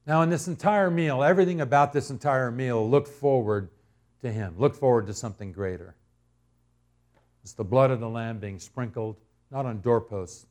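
A male pastor delivering a sermon, slow and emphatic, repeating key words for dramatic effect. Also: mid-range voice, darkish tone.

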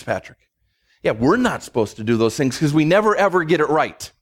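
A man preaching an expository sermon in a conversational, emphatic way, slowing down to stress key words and briefly voicing quoted speakers. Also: medium pitch, expressive. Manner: voices God and others in quick asides. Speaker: pastor.

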